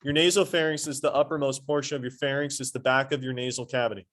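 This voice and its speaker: A man teaching a high school anatomy lesson in a classroom, quizzing his students and adding playful asides. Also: fairly even intonation, fast talker, a bit bright. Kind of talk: classroom lecture.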